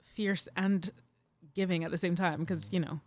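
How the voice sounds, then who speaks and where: With no echo on her fairly low voice, this young Canadian woman from Edmonton chats as a musician guest in a relaxed interview. Her pace is normal, and her lively storytelling is packed with "like"s and frequent laughter.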